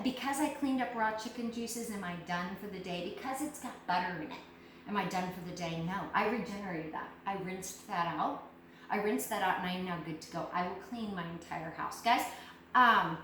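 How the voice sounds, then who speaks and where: A woman runs a lively cleaning demo at her kitchen sink, leaning on key words and asking her listeners questions directly. She sounds set back from the mic, her voice bouncing around a very echoey room over a faint hiss. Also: mid-range voice, far from the mic. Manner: animated, emphatic, addresses audience directly. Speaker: product demonstrator. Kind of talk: live cleaning product demo.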